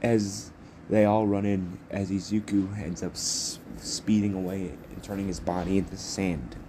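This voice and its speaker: A man's voice: sits low, steady tone, normal speed, warm tone, slight background noise. A young man improvising a fan story as narrator, rambling and correcting himself as he goes.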